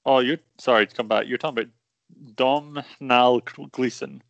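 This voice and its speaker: A man's voice: medium pitch, steady tone, measured pace, vocal fry, a bit bright, highs cut off. A man, co-hosting a podcast, making blunt, teasing interjections. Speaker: podcast co-host. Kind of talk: casual chat.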